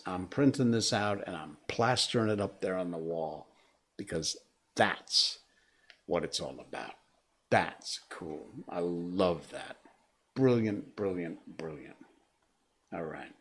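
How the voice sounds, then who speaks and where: Slow, lively-voiced male livestream host. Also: on the low side. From Cornwall, Connecticut, USA. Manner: enthusiastic, chatty, laughs easily. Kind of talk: casual livestream chat.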